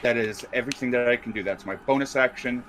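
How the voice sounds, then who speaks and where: A man's voice: medium pitch, quick pace, a bit bright, slight background noise. A man playing in a tabletop game, describing his character's moves in third person, plain and matter-of-fact. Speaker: player.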